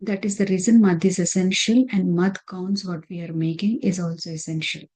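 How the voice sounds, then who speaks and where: A woman's voice: on the low side, fairly even intonation, brisk, warm tone, low-quality recording. A woman teaching a recitation lesson over slides, patiently repeating terms and counts.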